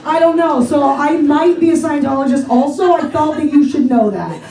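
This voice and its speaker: A woman's voice: high-pitched, normal speed, noisy background. A woman of forty from the Pittsburgh area doing a brash, self-mocking stand-up set on a theater stage. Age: 40s. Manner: brash, self-mocking, swings into loud exclamations. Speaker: stand-up comedian. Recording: echoey room from far, crowd laughter.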